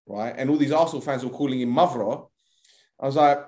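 A man's voice: medium pitch, fairly quick, echoey room. A man co-hosting a casual football podcast, joking and telling stories. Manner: joking, animated storyteller who slips into mock voices. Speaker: podcast co-host.

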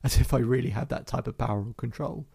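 A man working as a hypnotherapist, calmly recounting a session in a storytelling monologue with slow, repeated phrasing. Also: medium pitch, gravelly, husky.

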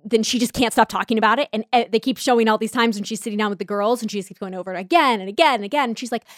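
A woman with a fairly high voice hosts a casual solo podcast. She talks candidly and reflectively, drifting into chatty asides. Her voice sits close and dry, with no room sound. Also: racing, no echo. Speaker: podcast host.

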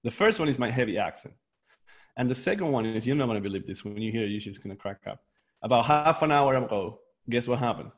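A man's voice: mid-range voice, lively intonation, fast talker. A middle-aged man with an Argentinian accent, chatting as a podcast guest, stammering and slurring from a bitten tongue. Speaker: guest dentist. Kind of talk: casual chat.

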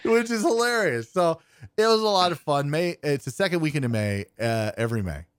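A young co-host on a podcast, he has a slightly high, clear and resonant voice, expressive and fairly quick, recorded in a clean studio with no room sound. His long, rambling story comes out as casual chat, with the characters acted out and plenty of self-deprecating humor.

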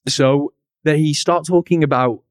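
A man's voice: fairly high pitch, measured pace, no room sound, studio quality. A man co-hosting a casual podcast, recapping a cartoon episode in a chatty, storytelling way and laughing at his own jokes. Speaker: podcast co-host.

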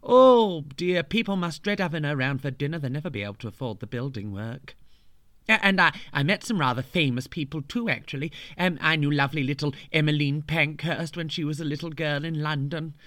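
A man's voice: fairly high pitch, brisk, fairly bright tone, no echo, studio quality. A man narrating a storybook tale in a camp, playful, mock-grand way, full of cheeky asides.

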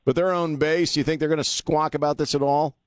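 A man's voice: fairly high pitch, fairly even intonation, brisk, no echo, studio quality. A man hosting a talk radio show, delivering a blunt, sarcastic monologue and laughing often. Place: radio studio. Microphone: studio microphone.

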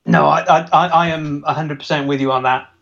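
A man's voice: fairly high pitch, fairly even intonation, creaky, fairly bright tone. Laughing man with a lo-fi voice. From England. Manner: quick wit, laughs often, agreeable. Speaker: podcast co-host. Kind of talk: casual chat. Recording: dull lo-fi sound.

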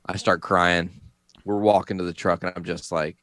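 A man in his thirties telling a childhood story in casual chat, relaxed and self-mocking, swearing freely. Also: deep voice, moderate pace, dry recording.

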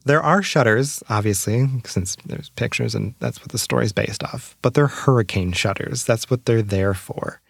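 A man's voice: mid-range voice, moderate pace, creaky, few pauses, no echo. A man hosting a casual solo podcast from a small closet at home, slightly out of breath, dropping wry, sarcastic asides. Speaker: podcast host.

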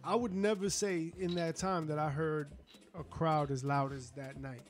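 Male podcast co-host, high voice, animated and profane storyteller, faint music behind. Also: moderate pace. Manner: laughing, swearing, animated storyteller. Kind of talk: casual wrestling chat.

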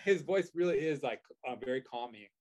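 A man's voice: medium pitch, animated, fairly quick, a little mellow. A man telling a story in casual chat, rambling with many fillers and restarts. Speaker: guest.

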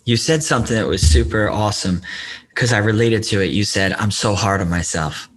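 A man's voice: fairly low pitch, fairly quick, breathy edge. A man who coaches men, talking as a podcast guest and telling personal stories in an earnest, open way. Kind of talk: casual conversation.

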